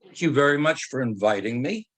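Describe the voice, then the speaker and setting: A man's voice: medium pitch, animated, fairly quick. An older man giving a talk over a video call, teacherly and joking, asking rhetorical questions. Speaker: speaker and author. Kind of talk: storytelling talk.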